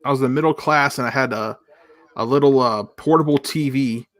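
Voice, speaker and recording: A man as a guest on a casual sports chat, calmly recalling old fan memories. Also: mid-range voice, brisk, no room sound.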